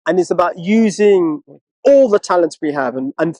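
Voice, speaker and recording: A man, chatting as co-host in a casual interview and telling stories, often mimicking other people in a high mocking voice. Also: expressive, normal speed, dark tone, no echo, low-quality recording. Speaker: co-host, one of twin brothers.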